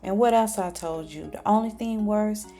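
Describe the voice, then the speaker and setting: A woman's voice: mid-range voice, normal speed, mellow, faint music behind, natural voice. A woman voicing a vengeful male crime boss who talks in threatening street slang. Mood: menacing.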